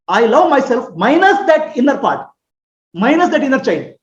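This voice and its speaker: A woman giving a spiritual teaching, explaining patiently and often pausing to ask whether listeners follow. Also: sits high, sing-song. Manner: earnest, explanatory, often checks understanding with questions. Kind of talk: spoken teaching on self-acceptance. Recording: roomy, slightly dull recording.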